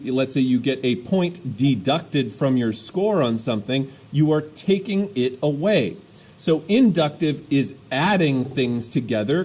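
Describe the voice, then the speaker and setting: A man teaching a history lesson, explaining step by step and often checking in with quick "all right?" and "okay?" asides. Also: mid-range voice, a little mellow, slightly rough. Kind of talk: classroom lecture.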